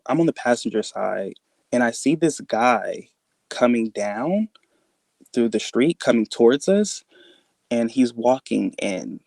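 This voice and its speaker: A man recounting a frightening personal experience in casual, halting speech, full of fillers and restarts, jumping up in pitch to act out quoted dialogue. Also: creaky, a little mellow, dry recording. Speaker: guest telling a personal encounter story.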